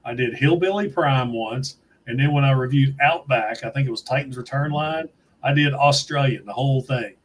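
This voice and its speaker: A man from West Virginia hosting a casual livestream, telling chatty stories and cracking dry, dark jokes. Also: medium pitch, normal speed, slight background noise. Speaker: toy reviewer, livestream host.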